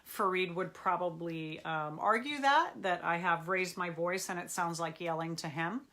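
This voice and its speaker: A woman's voice: on the low side, normal speed, a bit bright. A woman therapist hosting a live question-and-answer talk, speaking in a firm, earnest, intense public-speaking manner. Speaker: therapist and show host.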